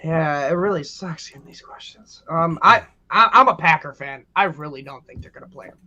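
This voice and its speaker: A man's voice: a little high, normal speed, bright, forceful tone, muffled recording. A man co-hosting a podcast, chatting casually and joking, often laughing. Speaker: podcast co-host. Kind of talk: casual sports chat.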